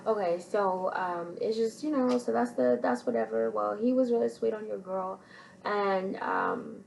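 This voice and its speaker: A woman vlogger telling a story in a relaxed, rambling way, circling back on herself often. Her voice sits at a middle pitch with a gravelly fry, and a faint hiss runs behind her. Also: unhurried, rough recording. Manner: rambling, full of fillers and restarts. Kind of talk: casual storytelling to camera.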